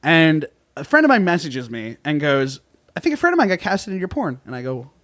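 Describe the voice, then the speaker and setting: Animated man telling a story in a dry room. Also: brisk, no room sound. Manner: animated, laughs often, acts out quotes in a higher voice. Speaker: podcast guest, comedian. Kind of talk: casual storytelling chat.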